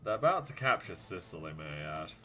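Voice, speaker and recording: A man with a low, bright, forceful voice commentating his own strategy game from a desk mic. He mutters along, then bursts into loud pleading and curses. Faint music and keyboard clicks sit behind him. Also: big pitch swings, a little fast. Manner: swings from mumbled muttering to loud pleading outbursts, swearing. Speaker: gaming YouTuber. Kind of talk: live gameplay commentary.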